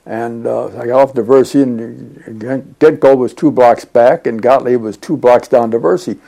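Older man, interviewee, deep mellow gravelly voice, loose rambling storyteller. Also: fairly even intonation, moderate pace. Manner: rambling, chatty with frequent fillers and laughs. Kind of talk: oral history storytelling.

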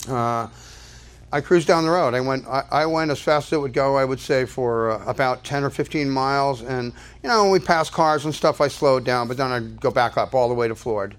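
Older man, storyteller, rambling, restarts, fillers, mid-pitched voice. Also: normal speed. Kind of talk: casual spoken anecdote.

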